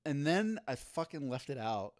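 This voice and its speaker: A man's voice: medium pitch, sing-song, moderate pace, a little mellow. A man co-hosting a casual podcast, telling a long story with many restarts and laughs. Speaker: podcast co-host. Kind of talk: casual chat.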